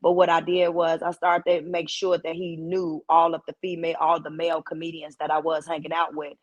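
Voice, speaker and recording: A woman's voice: deep voice, a little fast, highs cut off. A woman comedian from Chicago with a heavy, punchy voice, telling stories in a casual chat and acting out the people she quotes. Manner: animated storyteller who acts out quoted voices. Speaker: guest comedian.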